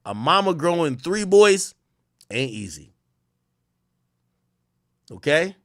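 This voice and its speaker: Hosting a livestream, a man with a fairly high voice delivers heated, profane commentary, very animated yet slow. His pitch lurches from loud outbursts down to muttered asides, and the sound is close and dry with no room echo.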